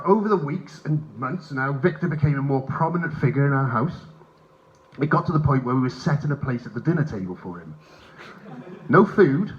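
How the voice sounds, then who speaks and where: A male stand-up comedian telling profane stories live on a hotel stage, acting out characters, recorded through a handheld mic in a dull live recording with faint room ambience. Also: a little high. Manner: animated, profane, acts out characters.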